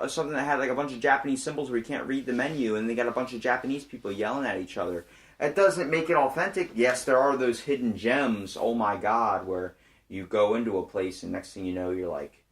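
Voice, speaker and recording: A young man hosting a podcast in casual chat, an animated storyteller who gets loud when excited. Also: medium pitch. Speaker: podcast host.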